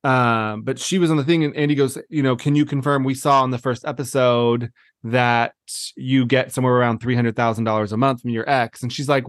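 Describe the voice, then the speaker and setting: Male podcast co-host, mid pitch, giggly and teasing, dry room sound. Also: steady tone, brisk, dry recording. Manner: laughs often, playful teasing. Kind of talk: casual reality TV chat.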